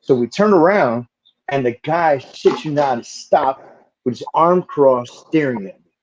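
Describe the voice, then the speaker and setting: A man being interviewed as a guest, telling stories casually in a lively way, with easy swearing and lots of "like" fillers. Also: on the high side, a little slow, lo-fi sound, slight background noise.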